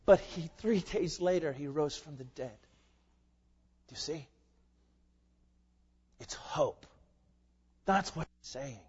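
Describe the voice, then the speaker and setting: High-voiced preacher in a reverberant hall. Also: male voice, measured pace, breathy edge. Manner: impassioned preaching, rhetorical questions, swings from hushed to loud. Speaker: pastor. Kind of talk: sermon. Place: church sanctuary. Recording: dull lo-fi recording with long hall reverb.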